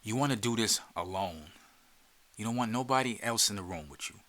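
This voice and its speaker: A man's voice: lowish voice, animated, fairly quick, a bit bright. A man with a New Jersey accent hosting a podcast, talking listeners through a relaxation exercise in a loose, streetwise way, repeating words and sometimes dropping to a whisper. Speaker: podcast host. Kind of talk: casual guided instruction.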